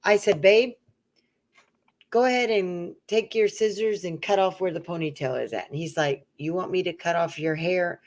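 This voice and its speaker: The co-host, a middle-aged woman, tells a long personal story in casual chat, animatedly acting out the voices of the people involved. Her voice is on the low side, at a moderate pace.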